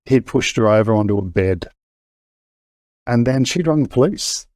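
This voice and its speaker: A man's voice: medium pitch, lively intonation, normal speed, a little mellow, no room sound. Middle-aged aussie guy talking it through, dead dry sound, stops and restarts a lot. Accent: Australian. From Australia. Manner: conversational, with frequent restarts and fillers. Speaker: guest. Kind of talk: candid personal storytelling.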